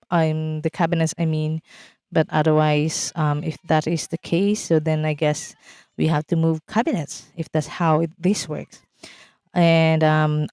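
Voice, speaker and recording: A woman's voice: deep voice, dark tone, clear, resonant tone, dry recording. A woman vlogger casually talking over a game build, rambling with many fillers and restarts. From outside Canada, now living in Canada.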